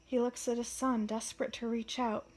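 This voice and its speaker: A woman reads stage directions aloud in a casual, soft way, her voice fairly high. She keeps her delivery quiet and plain. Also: level tone, normal speed, rough recording. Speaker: reader and commentator. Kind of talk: casual reading aloud of a play script.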